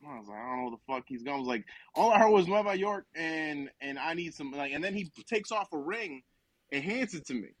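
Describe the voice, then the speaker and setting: A man from New Jersey telling a story on a podcast, animated and profane, laughing as he goes. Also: a little high, fast talker, no room sound. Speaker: podcast host. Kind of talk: casual comic storytelling.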